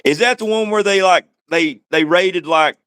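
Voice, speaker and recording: A man's voice: high voice, moderate pace, a bit bright, clear, resonant tone, no room sound. Laid-back wry man on a dry mic. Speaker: livestream co-host. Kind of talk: casual livestream chat.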